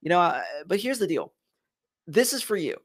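Hosting a leadership live stream, a man from Philadelphia, USA speaks earnestly and emphatically straight to his viewers. His voice sits high and is slightly rough, very animated, at a moderate pace.

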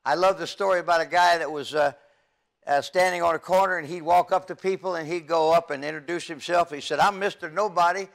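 An older man and youth evangelist giving an earnest, halting testimony from the pulpit, with frequent stammers and restarts. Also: a little high, steady tone, creaky. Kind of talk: testimony sermon.

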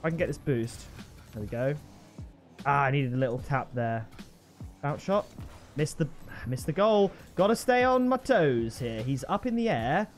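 An excitable young man talks through his own match as he plays, his slightly high voice swinging up and down in pitch. He breaks into loud shouts at big moments, over faint background music. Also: normal speed, long pauses. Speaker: gaming channel host. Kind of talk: live gameplay commentary.

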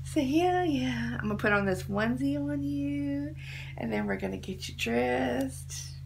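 A woman's voice: sits high, animated, unhurried, creaky, noisy background. A young woman talking baby talk to a doll, doting and sing-song, repeating words over and over. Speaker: vlogger playing with a baby doll.

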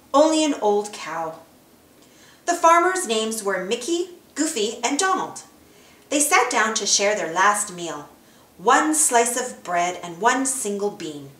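Woman storybook reader for children; expressive read-aloud, roomy sound. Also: medium pitch.

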